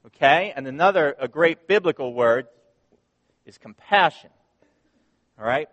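A man's voice: fairly high pitch, lively intonation, unhurried, a bit bright, lo-fi sound. A man in his thirties, a pastor giving a conversational sermon and telling a story with laughter and asides. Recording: long hall reverb.

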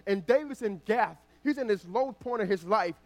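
A male pastor, perhaps in his thirties, preaching a sermon that moves between loud emphatic passages and a quiet, chatty personal story. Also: high-pitched, animated, normal speed.

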